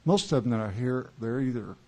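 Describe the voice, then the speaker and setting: A man, chatting between songs at a small club show, rambling and halting with many pauses and wry chuckles. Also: mid-range voice, expressive, dark tone. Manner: wry, chuckling joke-teller. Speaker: singer-songwriter performing live. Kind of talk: onstage banter between songs. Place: small live music club.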